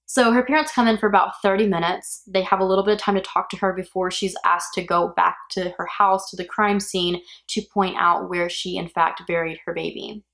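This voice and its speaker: A woman's voice: on the low side, steady tone, fairly quick, vocal fry, few pauses, fairly bright tone. A woman hosting a true crime podcast, retelling a case in a casual, chatty way with blunt opinionated asides. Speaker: podcast host.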